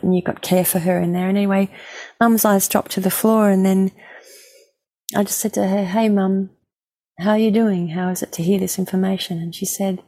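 A woman who works as a mediator, gently and reflectively telling a personal story in an interview. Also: mid-range voice, creaky, husky.

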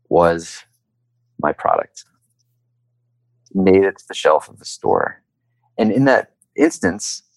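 The speaker is an entrepreneur giving an interview, animatedly telling his story in conversation and voicing the people he quotes. His voice is low and gravelly. The recording is dry and rough.

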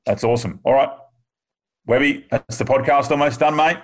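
A man's voice: mid-range voice, steady tone, normal speed. A man with an Australian accent hosting a casual podcast, laid-back and matey. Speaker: podcast host.

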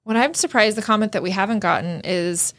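A woman's voice: medium pitch, fairly quick, fairly bright tone. A woman co-hosting a podcast in casual chat, speaking frankly and emphatically with some restarts. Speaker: podcast co-host.

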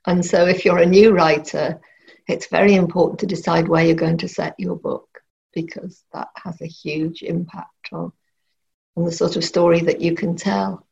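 Low gravelly woman, thoughtful interview answers. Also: fairly even intonation, a little mellow, dull audio. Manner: thoughtful, halting, many restarts. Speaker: novelist.

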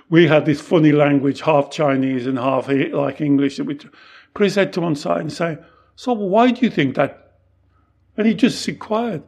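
A man with a somewhat high voice teaches with patient earnestness. He often slips into the voices of the people he quotes as he explains. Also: a little mellow. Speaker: Taoist monk and podcast co-host. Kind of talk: reflective teaching talk.

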